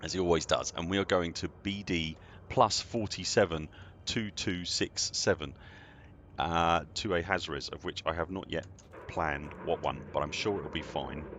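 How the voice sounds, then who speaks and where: Deep-voiced man streaming a game. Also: measured pace, a bit bright, slight background noise. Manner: chatty, self-deprecating, greets viewers by name. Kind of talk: casual live-stream chat.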